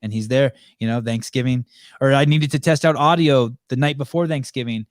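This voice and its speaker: A man hosts a podcast in loose, casual chat, swearing freely as he tells a story. He acts out each side of the conversation. His voice sits in a middle pitch, recorded close and dry. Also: a little fast, dry recording. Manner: profane, acts out quoted dialogue. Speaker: podcast host.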